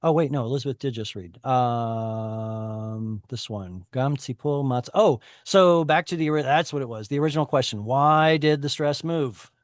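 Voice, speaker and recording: A man's voice: mid-range voice, normal speed, dry recording, studio quality. A man teaching a Hebrew reading class over a video call, explaining at length and correcting himself often. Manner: explanatory, self-correcting, chatty.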